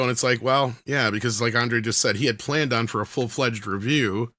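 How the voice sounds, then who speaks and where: A man co-hosting a casual livestream chat, joking and trading quick asides. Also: medium pitch, steady tone, bright, forceful tone, no room sound, studio quality. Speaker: co-host.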